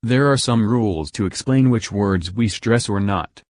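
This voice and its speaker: Male teacher, lowish voice, deliberate lesson narration, dry recording. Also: no echo. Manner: slow, deliberate word-by-word emphasis on examples. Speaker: English teacher.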